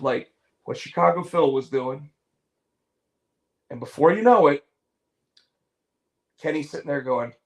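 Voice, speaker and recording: A man's voice: medium pitch, vocal fry. A man hosting a podcast in casual chat, rambling animatedly and restarting his sentences. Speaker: podcast host. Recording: echoey room.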